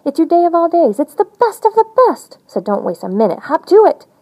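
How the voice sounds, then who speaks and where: A jolly storybook birthday bird, put on by a woman reader, eager and a little bossy as it coaxes a child along. Its voice sits high and swoops lively up and down. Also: a little fast, full character voice, poor audio. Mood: excited.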